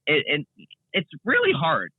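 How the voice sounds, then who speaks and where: A young man talks in a rambling, animated way, full of fillers and restarts, his pitch swinging widely. The sound is dry and tinny, like a phone line, coming in over a remote call. He speaks as a guest in a casual interview. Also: measured pace, breathy edge, no room sound. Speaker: guest content creator.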